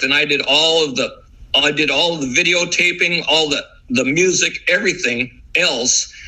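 Bright, husky-voiced man telling stories. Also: a little high, low-quality recording. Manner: rambling, with many restarts. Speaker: guest author. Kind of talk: casual storytelling.

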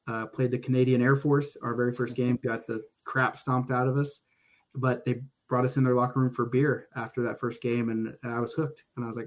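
A man's voice: medium pitch, level tone, a little fast, dull audio. A man from Oklahoma, a podcast guest telling stories casually, rambling with many restarts and casual swearing. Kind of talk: casual storytelling.

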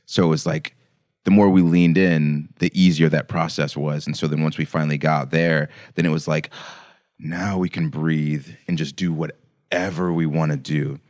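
A man's voice: very deep voice, moderate pace. A man co-hosting a podcast, chatting casually and acting out quotes as he tells stories. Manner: animated storyteller who acts out quotes. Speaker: podcast co-host. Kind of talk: casual chat.

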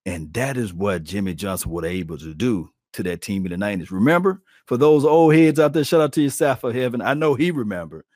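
A man hosting a sports talk channel, chatting live with viewers in an animated, folksy way. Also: fairly low pitch, a little fast, few pauses, no room sound, clean studio sound. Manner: animated, folksy, addresses the audience directly.

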